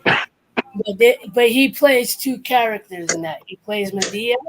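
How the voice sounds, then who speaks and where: A woman's voice: medium pitch, unhurried, noisy background. Female streamer, chatty, acts out quotes as she tells stories. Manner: animated storyteller acting out quotes. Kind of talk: casual chat.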